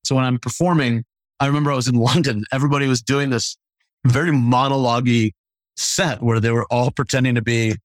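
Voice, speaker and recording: Man, stand-up comedian, casual storytelling, animated delivery, acts out quotes, mid-pitched voice, dry close sound. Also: fairly quick, no room sound.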